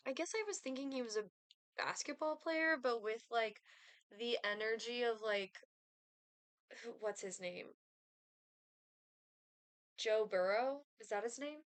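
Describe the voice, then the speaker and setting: A woman's voice: on the high side, animated, moderate pace, pauses often, a bit bright, dry recording. A young woman streaming a life-sim game, chatting casually with lots of fillers and giggles. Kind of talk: casual gameplay chat.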